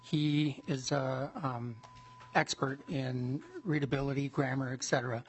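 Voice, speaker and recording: A man, a state agency commissioner, giving hesitant, halting testimony at a hearing. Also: medium pitch, flat delivery, slightly rough, poor audio.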